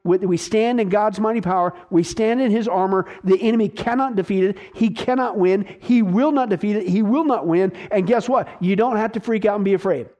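High-voiced emphatic male preacher. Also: fairly quick, hardly any pauses, darkish tone. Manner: emphatic, asks the listeners rhetorical questions and answers them; repetitive, punchy short phrases. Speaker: pastor. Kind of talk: sermon.

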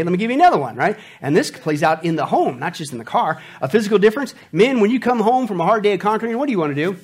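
Animated high-voiced male preacher. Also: breathy edge. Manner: animated, acts out voices and scenes. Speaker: pastor. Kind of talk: humorous sermon.

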